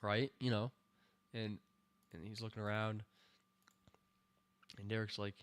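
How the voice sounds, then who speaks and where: A man hosting a casual stream, reviewing a TV season scene by scene, rambling with fillers and breaking into excited cheers and laughter. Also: fairly low pitch, measured pace, smooth. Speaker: show host reviewing a TV season.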